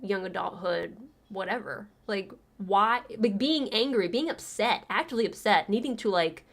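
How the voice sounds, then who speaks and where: A woman's voice: medium pitch, normal speed, vocal fry, a bit bright. Laughing, sarcastic woman streamer. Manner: laughs often, sarcastic, retells stories with quoted voices. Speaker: livestream reaction host. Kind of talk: casual livestream chat.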